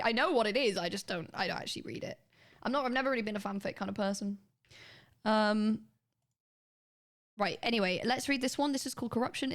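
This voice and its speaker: Young woman streamer, loose rambling chat, slightly sore throat, middle pitch. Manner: rambling, restarts sentences, quick laughs. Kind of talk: casual chat with viewers.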